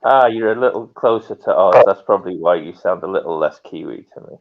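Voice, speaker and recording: A man's voice: deep voice, brisk, phone-quality sound. A man hosting a live online chat show, talking casually and laughing often.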